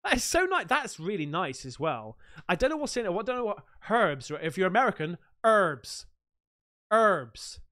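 A man hosting a stream, chatting casually as he unboxes fan mail, excitable, swearing freely and laughing often. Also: high voice, brisk. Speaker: streamer host.

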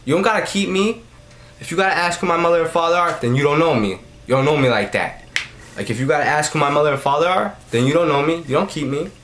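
Fast-talking and on the high side, with a fairly bright tone, a young adult man rants profanely to camera as host of a comedy vlog. He rambles and keeps repeating his lines. Slight background noise is audible.

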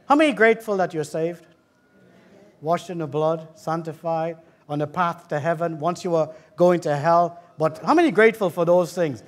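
High-pitched, fervent preacher man. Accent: British. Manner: fervent, calls out to the congregation and jokes. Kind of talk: lively sermon. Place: church hall.

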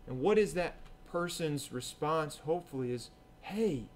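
A man with a fairly high voice delivers a sermon in church. His talk is casual and conversational. He acts out quoted voices and keeps asking the congregation "right?". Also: normal speed, slight background noise. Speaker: preacher.

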